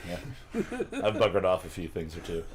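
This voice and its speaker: A man's voice: low voice, huge pitch swings, normal speed, a crowd in the background. A man hosting a casual chat, explaining terms in a rambling way, often laughing. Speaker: podcast host.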